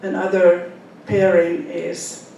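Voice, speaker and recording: A woman in her seventies with a Finnish accent, a Finnish speaker, reading her own novel aloud in an unhurried way with soft fillers, then talking about her characters. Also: level tone, gravelly. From Finland. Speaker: author. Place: library event hall. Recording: echoey hall, speaker far from the mic, faint rumble.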